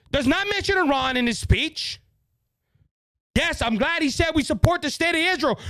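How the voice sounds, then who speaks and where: Heated and repetitive, a Cajun-accented man from Louisiana yells his way through angry political talk on his own podcast. The very high-pitched voice comes across with no echo.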